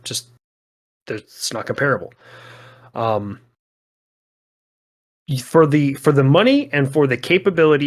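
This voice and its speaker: Blunt American man, casual swearing. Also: mid-range voice. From United States. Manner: blunt, confident, swears freely. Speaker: guest, army air defense instructor. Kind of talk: casual interview chat.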